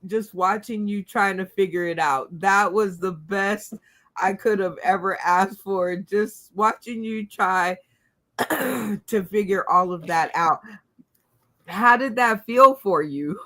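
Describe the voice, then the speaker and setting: A woman's voice: mid-range voice, bright, forceful tone. A woman hosting a comedy game show, speaking with many fillers and light giggles. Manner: slow, giggly, filler-heavy.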